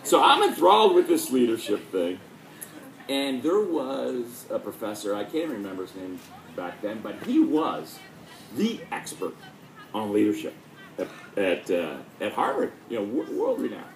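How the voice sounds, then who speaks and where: A man's voice: mid-range voice, a little slow, echoey room, slight background noise, poor audio. A middle-aged man giving a speech to an audience, telling a story and acting out the quotes. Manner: storytelling with lively acted-out quotes. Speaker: speaker.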